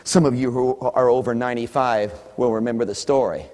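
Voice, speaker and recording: A man preaching a sermon, swinging between hushed asides and shouted emphasis. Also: medium pitch, steady tone, a little fast, long reverb tail.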